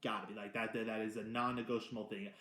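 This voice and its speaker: A man hosting a casual movie review, talking in an excitable, rambling way with many restarts and the odd swear word. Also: on the low side, fast talker. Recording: roomy echo.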